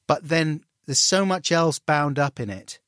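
Middle-aged guest, candid and wry, lively when he quotes people, recorded dry. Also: fairly high pitch, a little slow, no room sound. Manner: self-deprecating, animated when acting out dialogue. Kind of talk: candid conversational storytelling.

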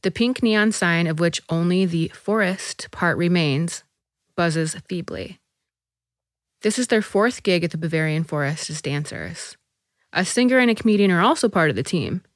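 A woman reading a short story aloud as narrator, measured and even. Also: fairly low pitch, dry recording, clean studio sound.

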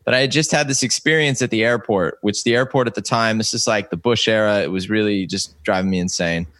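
A man's voice: lowish voice, a little fast, a bit bright, no room sound. A man in his thirties, a comedian, telling stories in a casual chat, rambling and stopping himself with many fillers. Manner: rambling, self-interrupting anecdotes with many fillers. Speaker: comedian guest.

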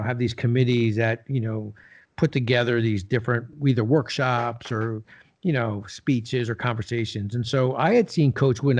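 Older man telling stories, slightly dull recording. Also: medium pitch. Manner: animated storyteller, acts out quoted dialogue. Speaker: podcast guest, business leader. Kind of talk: casual interview storytelling.

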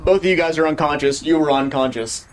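Game master with slightly high voice. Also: male voice, a little fast, a loud crowd. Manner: vivid, punchy combat narration. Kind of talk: narrating a tabletop game.

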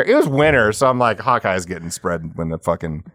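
Profane, animated man telling stories. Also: mid-range voice, no echo. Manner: profane, laughing storyteller; does quick impressions of people in his stories. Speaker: podcast co-host. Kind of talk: casual chat.

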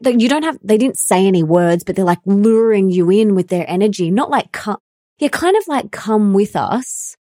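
Soft-spoken earnest woman, mellow voice. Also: medium pitch, dry recording, clean studio sound. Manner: earnest, emotional, many fillers like "like". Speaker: podcast host. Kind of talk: personal storytelling conversation.

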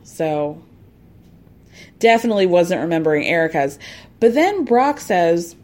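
A woman's voice: fairly low pitch, big pitch swings, measured pace, a little mellow. A woman recapping a reality show in casual, opinionated commentary, with sarcastic asides and put-on voices for quotes.

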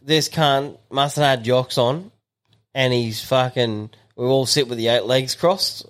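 A man co-hosts a podcast, telling crude stories in casual chat. His voice sits at an ordinary pitch. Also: fairly even intonation, measured pace, a bit bright. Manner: crude, chatty storyteller. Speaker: podcast co-host.

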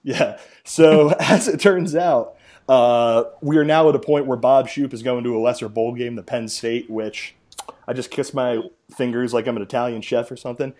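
A man's voice: mid-range voice, steady tone, moderate pace, darkish tone. Wry man chatting college football. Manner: wry, chatty, rattles off scores. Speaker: podcast host. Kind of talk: casual sports chat.

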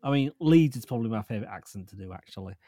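A man's voice: fairly low pitch, lively intonation, very fast, dark tone, no echo, clean studio sound. A man with a Lincolnshire accent hosting a casual chat, easygoing and hesitant. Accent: Lincolnshire English. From Lincoln, England. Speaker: host.

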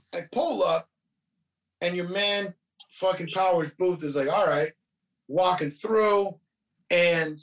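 A man's voice: high-pitched, far from the mic. A man casually retelling a movie plot, profane and rambling, quoting characters as he goes. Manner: profane, rambling storytelling with quoted voices. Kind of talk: casual movie recap chat.

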